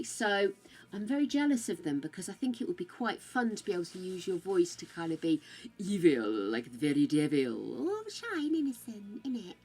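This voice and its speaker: A woman's voice: lowish voice, a bit bright. An older woman from the UK with a British accent that drifts between regional accents, chatting casually on her game stream and calling viewers darling and dearie. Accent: British, shifting between regional accents. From United Kingdom. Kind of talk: casual livestream chat.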